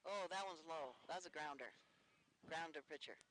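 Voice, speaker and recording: High-voiced man co-calling softball. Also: moderate pace, slight background noise, poor audio. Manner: easygoing, laughs often. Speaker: radio color commentator. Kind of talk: local radio softball commentary. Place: outdoor softball field broadcast.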